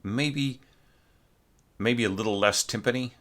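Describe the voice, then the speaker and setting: A man's voice: medium pitch, unhurried, a bit bright. A man giving a loose, rambling spoken critique of a student's orchestration, full of fillers and sung musical figures. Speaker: orchestration teacher.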